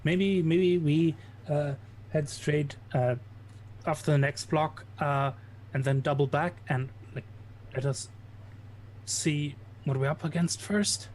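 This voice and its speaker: A man's voice: a little high, steady tone, slow, a little mellow. Hesitant man with faint hum behind. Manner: hesitant, many fillers. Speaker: player.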